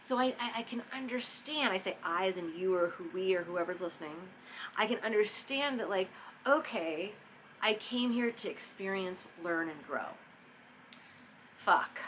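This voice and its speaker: A woman giving a casual, profane motivational monologue about forgiveness, emphatic and spontaneous, sometimes dropping into soft mock whispers. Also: mid-range voice, expressive, normal speed, a little hiss or hum. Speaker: spiritual self-help vlogger.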